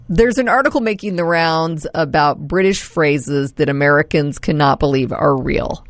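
A woman's voice: low-pitched, moderate pace, few pauses, no room sound. A woman co-hosting a morning radio show, upbeat and teasing in casual banter. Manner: upbeat, teasing, laughs often.

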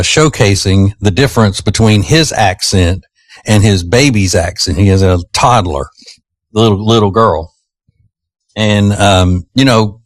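A middle-aged man with a Southern American accent talks loosely on a radio show, wandering through his thoughts with plenty of fillers. His voice sits fairly low. The sound is dry and close to the mic. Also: no room sound. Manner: rambling, relaxed storytelling with many fillers. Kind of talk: casual chat.

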